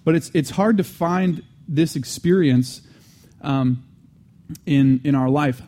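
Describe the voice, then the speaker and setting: A man's voice: a little high, takes it slowly, dark tone. A man giving an earnest teaching sermon, restating key phrases and adding conversational asides between restarts. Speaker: Christian teacher.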